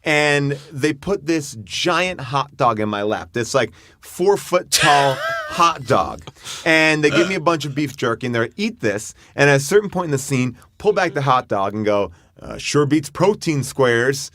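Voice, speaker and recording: A man's voice: mid-range voice, normal speed, no echo, clean studio sound. A man on a podcast who tells an anecdote in casual chat and acts out the voices of the people in it. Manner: animated anecdote, acting out other people's voices. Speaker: podcast guest. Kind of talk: casual storytelling.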